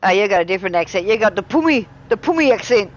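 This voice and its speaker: A woman's voice: medium pitch, expressive, quick pace, slight background noise, low-quality recording. A middle-aged woman with a broad Australian accent chats loosely with her live-stream viewers. She rambles from story to story and keeps breaking into laughter. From Tasmania, Australia. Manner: chatty, rambling, laughs often. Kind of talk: casual live-stream chat.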